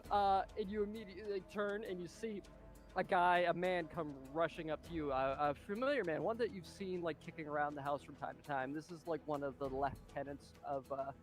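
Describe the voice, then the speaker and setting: A man narrating as game master of a tabletop game, excitable and full of fillers and spoken sound effects. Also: on the high side, brisk, faint music behind.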